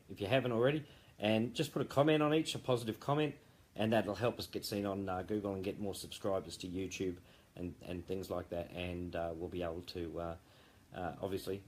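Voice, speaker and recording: A man's voice: deep voice, slight background noise. A man founder giving a rambling, jokey live update late at night, full of fillers and restarts.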